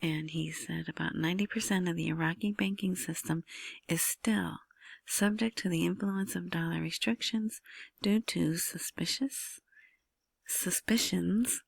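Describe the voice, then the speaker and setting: A woman's voice: lowish voice, creaky, slightly rough, no echo. A woman talking through currency news in a casual, rambling whisper, often checking in with "right?". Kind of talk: casual solo commentary.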